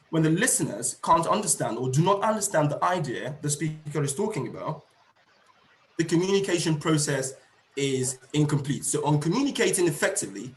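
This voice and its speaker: Man lecturing on a call, echoey. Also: a little high. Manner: explanatory, repeats and rephrases points, frequent fillers. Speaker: teacher trainer presenting a webinar. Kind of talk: online seminar lecture.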